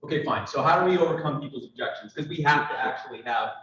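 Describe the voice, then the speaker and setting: A man's voice: medium pitch, quick pace, pushed and bright, a little hiss or hum. A man giving a persuasive speech to a party audience, emphatic and full of rhetorical questions, acting out little dialogues. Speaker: political speaker. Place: large room at a party convention. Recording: echoey hall, picked up from a distance, muffled.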